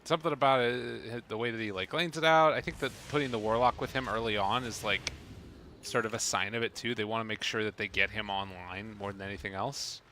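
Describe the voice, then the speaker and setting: A man's voice: fairly low pitch, steady tone, a little fast, pushed and bright, a little hiss or hum. Playful man chatting over a match. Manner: chatty, playful, trails off mid-thought. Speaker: esports commentator. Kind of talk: casual game commentary.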